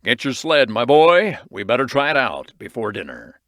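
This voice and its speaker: A man voicing a stern older bank president with a gruff, throat-clearing manner. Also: medium pitch, big pitch swings, normal speed, a bit bright, no echo, clean studio sound.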